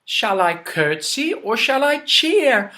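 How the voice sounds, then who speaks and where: A flustered, eager-to-please farmer, as a man puts him on for a storybook reading, pitched up with fluttery, fretful questions. The voice rises and falls widely. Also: big pitch swings, takes it slowly, bright, forceful tone, heavily acted.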